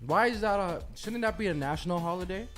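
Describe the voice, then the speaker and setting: A morning radio co-host chiming in with quick interjections and questions. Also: medium pitch, fairly bright tone, faint music behind. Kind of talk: casual chat.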